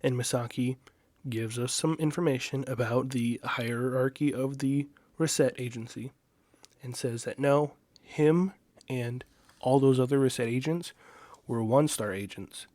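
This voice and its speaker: A man's voice: medium pitch, fairly even intonation, moderate pace, darkish tone, dry recording. A man giving a casual spoken recap as a manga reviewer, rambling with lots of "like" and "you know" and chuckling now and then.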